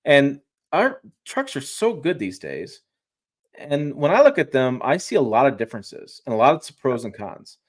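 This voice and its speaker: A man with an ordinary mid-pitched voice talks in a loose, rambling way, full of restarts and false starts. He sounds eager and chatty, like a guest on a casual livestream who could go on for hours. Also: huge pitch swings, normal speed. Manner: rambling, restarts often, enthusiastic. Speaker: guest truck reviewer.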